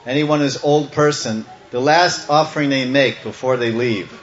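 Animated man telling a devotional story. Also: medium pitch, normal speed, faint music behind. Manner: animated, chanting, playful. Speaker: devotional speaker. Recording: echoey, slightly muffled room.

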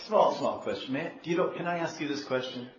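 A man voicing a shy, affectionate goddess wife who speaks softly and hesitantly, as part of a sermon. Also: fairly high pitch, fast talker, lightly acted. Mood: coaxing. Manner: soft, hesitant, coaxing. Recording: dull echoey room, faint hiss.

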